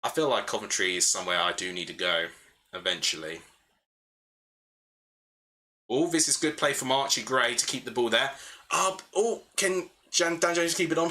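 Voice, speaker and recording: Bright-voiced young man hosting a football watchalong. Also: medium pitch. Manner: chatty, thinking aloud, answering chat between play calls. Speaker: livestream host. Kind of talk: live football watchalong commentary, chatting with viewers.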